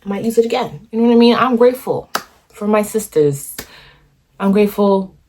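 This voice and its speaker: A young woman talking to her phone camera in a warm room at home, giving animated, encouraging advice in a chatty way full of "you know" and "okay". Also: medium pitch, fairly quick, slight background noise. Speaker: vlogger. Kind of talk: casual motivational talk to camera.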